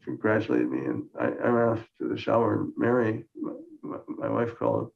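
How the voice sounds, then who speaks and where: Here a Minnesota man of older years lectures on science at a conference, using slides and restarting his phrases often amid dry, low-key humor. He speaks briskly in a lowish, creaky voice that is very animated. Sound quality is muffled lo-fi.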